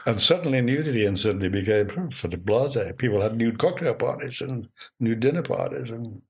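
Husky older man, wry storyteller. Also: mid-range voice, animated, brisk. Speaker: interviewee. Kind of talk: oral history recollection.

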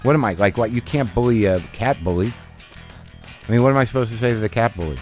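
A middle-aged man hosts a casual podcast chat, rambling and wry, often cutting himself off mid-thought. His voice sits at an ordinary pitch, and faint music plays behind him. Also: fast talker, a little mellow. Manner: rambling, wry, self-interrupting. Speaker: podcast host. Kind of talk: casual conversation.

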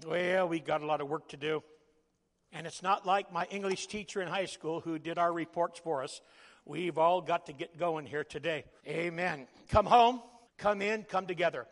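A man preaching a sermon in a folksy, joking way, rising to loud emphatic calls. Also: fairly high pitch, steady tone, moderate pace, big-room sound.

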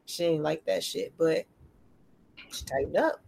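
A woman's voice: low-pitched, unhurried, vocal fry, long pauses, breathy edge. A woman in casual conversation about her children, telling stories in a slangy, profane way and acting out both sides of the dialogue. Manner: animated storytelling, acting out dialogue in shifting voices. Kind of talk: casual podcast chat.

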